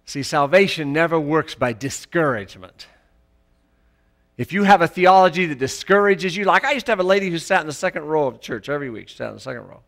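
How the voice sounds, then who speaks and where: A male pastor preaching a sermon in church, emphatic, rising to loud peaks. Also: a little high, lively intonation, fast talker, vocal fry.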